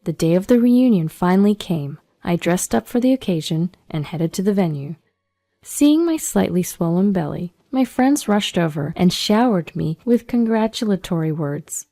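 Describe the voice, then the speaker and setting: A woman reading a first-person story as a scripted narration, steady and measured. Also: fairly low pitch, vocal fry.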